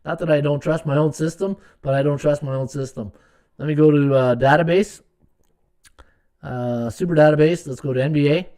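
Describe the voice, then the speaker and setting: Slightly higher-pitched male podcast host, rambling and chatty, full of fillers, mutters while checking stats. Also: fairly even intonation, moderate pace, warm tone. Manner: rambling, thinks aloud with many fillers and restarts. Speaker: sports betting podcast host. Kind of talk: live-stream sports betting talk.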